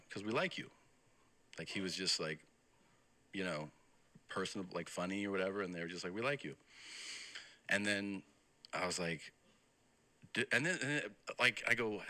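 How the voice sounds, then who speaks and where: A man telling a story on a podcast in a casual, profane way, quoting the people in it. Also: sits low. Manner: profane, animated storytelling that quotes others. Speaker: podcast guest. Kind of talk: casual anecdote.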